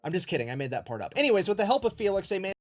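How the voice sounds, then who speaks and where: A man telling a war story as comedy, irreverent and full of swearing, slipping into quick put-on voices for the people in it. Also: high voice, very animated, faint music behind. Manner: profane, irreverent, jokey retelling with quick put-on quote voices. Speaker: history storyteller. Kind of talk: comedic history narration.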